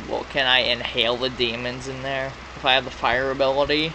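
Male gamer, high-ish bright voice, jumpy swearing commentary, faint hiss in his dark bedroom. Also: moderate pace, poor audio. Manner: excitable, swearing, frequent startled outbursts and laughs. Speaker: gamer playing a horror game. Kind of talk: casual let's play commentary.

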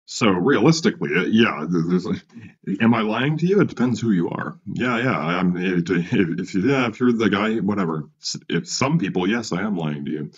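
A man's voice: sits low, lively intonation, normal speed, slightly rough, dull audio. A man ranting in a rambling, profane monologue, full of restarts and asides, as a vlogger.

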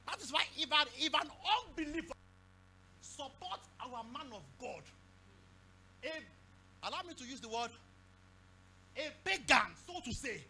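High-voiced fervent Nigerian preacher. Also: male voice, lively intonation, a little slow, long pauses, slight background noise. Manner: fervent preaching, repeats phrases, bursts into shouts. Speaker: pastor. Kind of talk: sermon. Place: church service.

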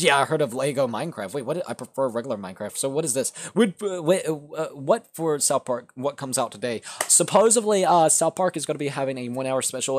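Young guy streaming and reading chat, kinda high voice that bounces all over, mumbles then yells, dry close sound. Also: dry recording. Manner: excitable, swings from mumbling to loud shouting. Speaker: livestream host. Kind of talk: casual live-stream chat, reading chat aloud.

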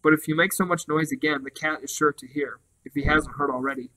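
A man voicing a foolish, frightened young male crow in a storybook reading, speaking in a hurried, pleading way. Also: fairly high pitch, steady tone, pushed and bright, rough recording. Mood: anxious.

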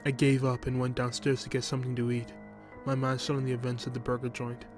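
A man narrating a first-person horror story in a steady, even storytelling manner. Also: mid-range voice, quick pace. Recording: music bed under voice.

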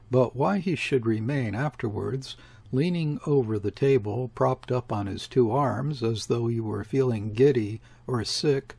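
A man reading a classic novel aloud as an audiobook narrator, in a measured, steady delivery. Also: medium pitch, gravelly, breathy edge, no room sound. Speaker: audiobook reader. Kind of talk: scripted narration.

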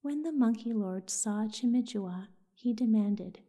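Woman whispering a bedtime story, really slow, dark breathy voice. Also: a little high. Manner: soft, soothing whisper.

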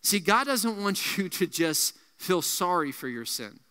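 A man preaching a youth sermon as pastor, emphatic and repetitive, dropping his voice low to land key points. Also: very animated, a little slow, pushed and bright, smooth, long reverb tail. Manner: emphatic, repeats key phrases, drops low on punch lines.

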